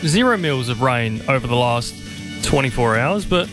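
A man's voice: mid-range voice, lively intonation, moderate pace, over music. A man hosting early breakfast radio, dry and matter-of-fact. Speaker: radio host.

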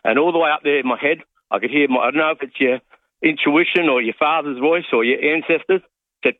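A man's voice: fairly high pitch, fast talker, no echo. A man in his late fifties, a radio caller, telling a rambling, self-mocking story over the phone. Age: 50s. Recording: tinny phone line.

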